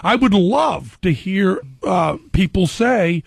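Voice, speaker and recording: A man in a radio studio telling stories in casual, animated talk. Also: a little slow, gravelly, hardly any pauses, breathy edge, no room sound. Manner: animated storyteller, jumps high when excited. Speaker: guest. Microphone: studio mic.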